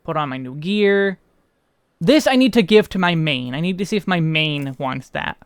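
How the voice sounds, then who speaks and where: A man's voice: fairly high pitch, lively intonation, moderate pace, smooth, dry recording, clean studio sound. An American man casually chatting as he streams a game, rambling and poking fun at himself. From United States. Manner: rambling, self-deprecating chatter. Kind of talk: casual gameplay commentary.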